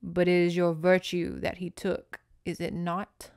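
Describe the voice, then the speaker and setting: A woman's voice: fairly low pitch, monotone, unhurried, gravelly, a little mellow, no echo, studio quality, voice pushed down. A woman voicing a stern, disappointed imprisoned father, reading his reproaches dramatically. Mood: reproachful. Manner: dramatic, reproachful, read aloud.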